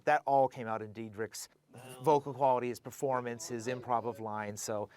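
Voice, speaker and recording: A man's voice: mid-range voice, fairly even intonation, moderate pace, darkish tone. A man, one of the filmmakers, speaking matter-of-factly about the recording sessions in a promotional interview.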